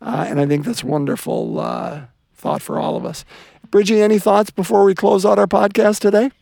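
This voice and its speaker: A man's voice: high-pitched, normal speed, vocal fry, mellow, no echo. A man hosting a religious podcast, talking earnestly with many restarts and then leading a spoken prayer. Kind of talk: reflective religious chat and rosary prayer.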